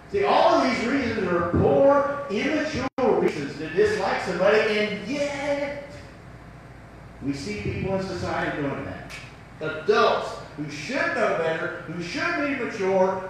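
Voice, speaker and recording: High-voiced Southern preacher, echoey hall. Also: male voice, far from the mic, a little hiss or hum. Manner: folksy, rhetorical questions. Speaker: pastor. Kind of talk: sermon.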